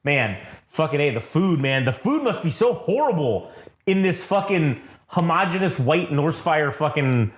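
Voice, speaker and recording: A man co-hosting a casual comic book review podcast. He talks in an animated, profane way and acts out the scenes. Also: on the high side, measured pace, reverberant. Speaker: podcast co-host.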